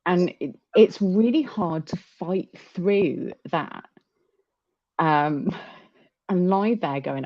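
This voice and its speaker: A woman talking candidly in a casual chat, halting often and restarting her sentences. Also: fairly low pitch, no echo. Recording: dull dry lo-fi sound.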